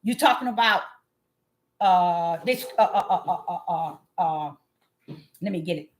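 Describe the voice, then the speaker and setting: A woman preaching an impassioned sermon, calling out to her listeners and swinging from low murmurs to loud cries. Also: lively intonation, measured pace. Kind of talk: fiery street sermon.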